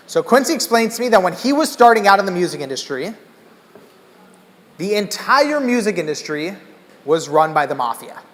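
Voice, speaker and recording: A man from Los Angeles telling an animated story in a keynote talk, acting out the people in it. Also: high voice. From Los Angeles, USA. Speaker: keynote speaker. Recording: echoey conference hall.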